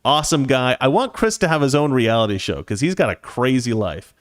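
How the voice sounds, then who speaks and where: A man's voice: medium pitch, expressive, fairly quick, no room sound, clean studio sound. A man in his forties hosting his own talk show, giving opinionated commentary in a conversational way and reading out viewer messages. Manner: opinionated, conversational, frequent restarts. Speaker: show host.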